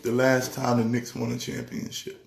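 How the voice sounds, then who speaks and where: A man who is a pastor, talking sports casually in an excitable way, repeating words with a preacher's rhythm. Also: mid-range voice, normal speed, creaky, reverberant, slight background noise. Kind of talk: casual sports talk show.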